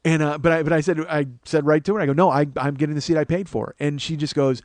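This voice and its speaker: A man in his forties hosting a podcast, telling a comedic story in a profane, ranting way that builds to loud exasperation. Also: on the high side, quick pace, few pauses, no room sound. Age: 40s. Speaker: podcast host.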